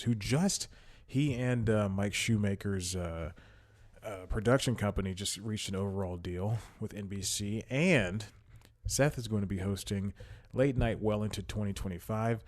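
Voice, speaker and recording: A man's voice: fairly low pitch, moderate pace. Rambling, self-mocking male podcast host. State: slightly out of breath. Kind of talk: casual solo podcast chat. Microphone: headphones and studio mic.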